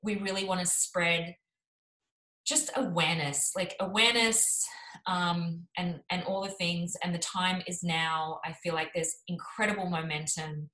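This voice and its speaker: A woman's voice: on the low side, steady tone, measured pace, bright, forceful tone, reverberant, poor audio. A woman co-hosting a casual live chat, upbeat and chatty with many fillers. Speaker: co-host.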